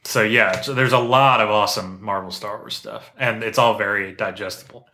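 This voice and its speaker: A man on a casual podcast, talking with eager enthusiasm and frequent "um"s and restarts. His voice sits a little low yet comes across bright and forceful. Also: steady tone, normal speed, a little hiss or hum. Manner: enthusiastic, rambling with fillers. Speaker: podcast co-host. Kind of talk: casual chat.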